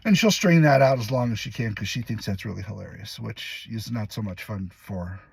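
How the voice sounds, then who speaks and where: A man who acts in commercials, casually telling a lively behind-the-scenes story and acting out what others said. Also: on the low side, brisk, creaky, breathy edge, no echo. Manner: lively, laughs while telling, acts out other people's lines. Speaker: commercial actor.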